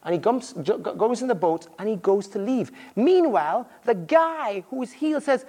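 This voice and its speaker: Male visiting preacher with a high, lively delivery, storytelling and playing out the characters' lines. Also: moderate pace, few pauses. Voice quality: married. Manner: animated storytelling, acting out voices in quotes. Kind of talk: sermon.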